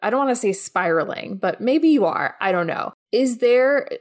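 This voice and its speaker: A young woman hosting a podcast, chatting casually and speeding up in quick bursts when she gets worked up. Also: fairly high pitch, lively intonation. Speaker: podcast host.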